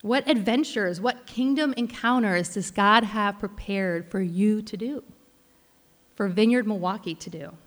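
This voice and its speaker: A woman's voice: mid-range voice, measured pace. Woman preaching in a big echoey hall. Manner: heartfelt storytelling with frequent restarts. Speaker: pastor. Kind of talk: sermon. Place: large church hall.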